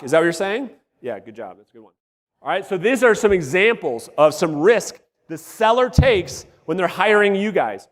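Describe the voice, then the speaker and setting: High-voiced blunt man coaching a live room. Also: moderate pace. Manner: energetic, blunt, swears, quizzes the audience. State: voice wearing out. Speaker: real estate sales coach. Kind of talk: live workshop teaching to a room. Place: large room with live audience. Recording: long hall reverb.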